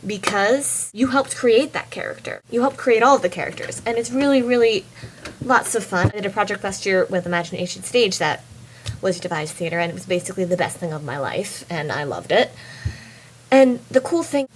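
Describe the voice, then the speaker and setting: A woman's voice: mid-range voice, lively intonation, a little fast, a little hiss or hum. A young woman talking casually to a friend in a vlog, bubbly and chatty. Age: young adult. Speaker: vlogger.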